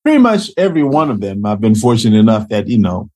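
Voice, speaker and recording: A man's voice: lowish voice, sing-song, quick pace, darkish tone. A man from Zimbabwe, a guest actor on a podcast, talking loosely and casually with lots of fillers. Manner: laid-back, filler-heavy, loose phrasing.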